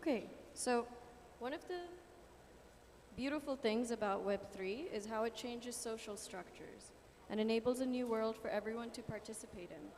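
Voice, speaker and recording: Woman introducing a speaker, reading from a script, a bit high, echoey ballroom with faint hiss. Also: moderate pace, darkish tone. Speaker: session host. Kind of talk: conference introduction. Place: conference ballroom. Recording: long hall reverb, faint noise.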